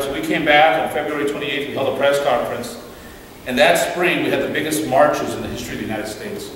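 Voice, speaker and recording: A man from Mexico giving a lively storytelling talk to a church audience, acting out the voices in his anecdotes and often restarting his sentences. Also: mid-range voice. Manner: animated storyteller who acts out quoted dialogue, many restarts. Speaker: guest speaker. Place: church hall. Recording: echoey hall, distant mic, faint hiss.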